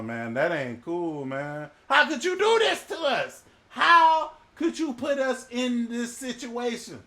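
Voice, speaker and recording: A man's voice: sits high, a bit bright, a little hiss or hum, full character voice. A male preacher voicing frightened sailors who scold a runaway passenger, exasperated and colloquial.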